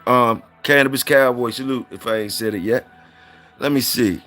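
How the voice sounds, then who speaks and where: Man, casual livestream host, middle pitch, repetitive drawl, faint music behind. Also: moderate pace, sharp tone. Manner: loose, drawling, repeats himself, salutes viewers. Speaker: livestream host reading viewer comments.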